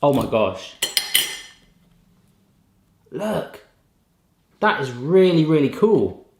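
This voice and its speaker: A man, testing kitchen gadgets at home in casual chat and often bursting into excited exclamations. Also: a little high, drawn-out words, echoey room.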